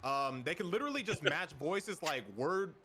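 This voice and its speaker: A man swearing heavily as he tells excited stories in a casual group chat. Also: a little high, normal speed. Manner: excited storytelling, heavy swearing.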